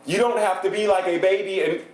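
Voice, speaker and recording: A man preaching a sermon as a guest minister, animated and playful, often laughing as he speaks. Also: high-pitched, brisk, a crowd in the background. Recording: echoey church hall.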